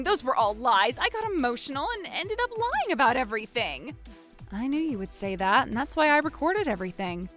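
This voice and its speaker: Woman doing all the voices in a drama story, high and swoopy, music under it. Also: sing-song, fairly quick, fairly bright tone. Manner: dramatic, shifts between characters. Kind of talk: acted story narration with many voices.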